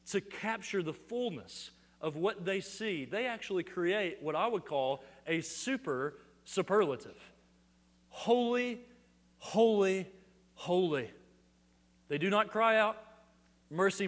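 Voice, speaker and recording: High-voiced preacher in a reverberant hall. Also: male voice. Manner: dynamic preaching, swelling to loud emphasis on repeated words. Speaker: pastor. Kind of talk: sermon.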